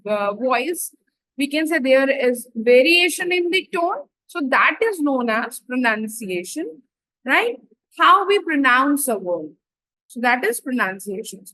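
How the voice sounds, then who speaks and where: A woman giving an online lecture, explaining step by step, often checking in with "right?" and pausing on fillers. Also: sits high, bright, forceful tone, no echo, rough recording.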